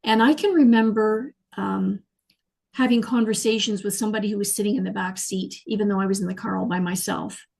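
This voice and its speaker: A middle-aged woman, telling her life story as an interview guest in an animated, emotional way. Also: medium pitch, a little fast, gravelly, poor audio. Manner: animated, emotional, frequent fillers and restarts. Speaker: guest, clairvoyant healer.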